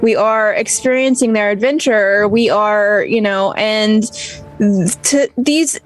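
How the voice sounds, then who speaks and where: A woman with a mid-range voice talks casually on a live stream. She thinks aloud and reaches for words with lots of "like" and "you know." Soft music murmurs behind her. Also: medium pitch, slow, low-quality recording. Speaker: co-host and role player.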